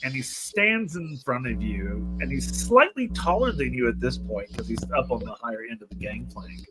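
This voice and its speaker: A man's voice: medium pitch, sing-song, moderate pace, rough recording. A man narrating a tabletop role-playing game as game master, chatty with lots of fillers. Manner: chatty, frequent laughs and fillers.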